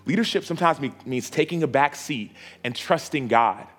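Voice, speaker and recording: A man's voice: mid-range voice, expressive, moderate pace, fairly bright tone. Pleading preacher man, repeating himself. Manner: repetitive, pleading cadence. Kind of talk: altar call sermon. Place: church auditorium.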